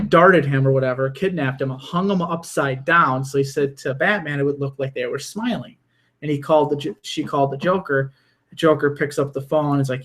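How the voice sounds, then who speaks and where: Animated man retelling cartoon scenes. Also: fairly high pitch. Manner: animated storyteller, acts out quoted lines. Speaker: podcast co-host.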